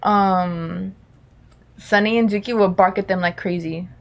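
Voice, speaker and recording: A woman's voice: mid-range voice, steady tone, measured pace, background noise. A young woman co-hosting a podcast in casual chat, slangy and playful, laughing often. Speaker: podcast co-host.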